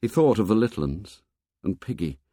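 Brief: male audiobook narrator, low voice, very lively pitch, expressive measured reading. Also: dry recording, clean studio sound. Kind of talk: scripted narration.

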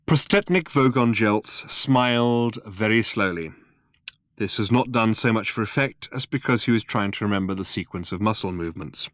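A man's voice: lowish voice, a bit bright, no echo. A man narrating an audiobook in a dry, wry storytelling manner. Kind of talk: scripted narration.

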